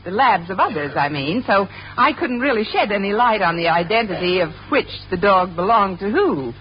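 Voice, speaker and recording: A woman's voice: mid-range voice, animated, moderate pace, muffled recording. A woman playing a wisecracking schoolteacher in a 1950s radio sitcom, with a playful, flustered manner. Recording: old radio broadcast with live audience laughter and hiss.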